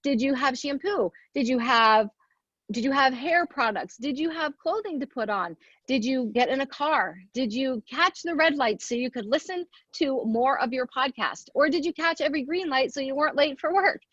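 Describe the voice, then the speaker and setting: A woman's voice: high voice, expressive, normal speed, fairly bright tone, no room sound, dull audio. A woman giving an earnest motivational talk, asking rhetorical questions and counting off her points. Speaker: speaker at a women's leadership event.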